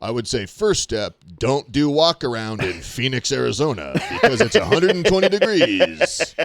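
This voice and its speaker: A man's voice: medium pitch, big pitch swings, moderate pace, vocal fry, no echo, clean studio sound. A man voicing a joking wooden tiki idol. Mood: playful. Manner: playful, rambling comic riffs. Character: ancient wooden tiki idol, male, wisecracking sage. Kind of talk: ventriloquist puppet banter.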